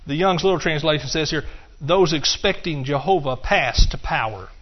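This middle-aged man preaches a sermon at a moderate pace in a fairly high voice. He bursts into song and laughter and calls out to his congregation, all on a dull, muffled recording.

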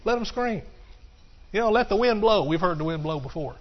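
High-voiced singing preacher, muffled sound. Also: male voice, expressive, brisk. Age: middle-aged. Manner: bursts into song and laughter, calls out to the congregation. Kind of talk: sermon. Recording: dull, muffled recording.

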